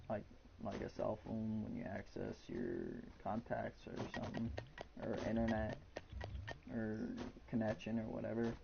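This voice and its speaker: A man's voice: mid-range voice, vocal fry, slight background noise. Young man rambling on a lo-fi stream. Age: 20s. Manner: chatty, rambling, frank. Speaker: live game streamer. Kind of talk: casual rambling chat. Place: his bedroom.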